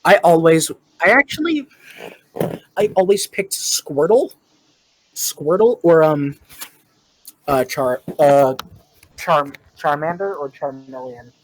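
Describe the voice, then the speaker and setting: A man's voice: on the high side, animated, slow pace, pauses often, slight background noise, rough recording. A young man hosting a casual podcast, laughing as he reads out funny comments. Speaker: podcast host. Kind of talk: casual chat, reading comments aloud.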